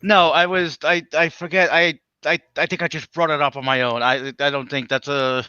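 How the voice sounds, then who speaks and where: The recording is clean and dry yet muffled, capturing a man with a nasal, fairly high-pitched voice that's bright and forceful but flat in delivery. He's a livestream guest chatting casually on a video call, halting constantly with restarts and fillers.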